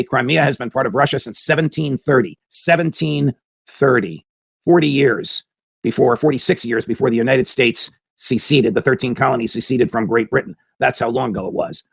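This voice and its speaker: Male commentary host, husky gravelly voice, dry close sound, emphatic and argumentative. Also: mid-range voice, steady tone, a little fast, dry recording. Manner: emphatic, with hammering rhetorical questions. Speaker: political commentary show host. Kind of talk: opinionated commentary monologue.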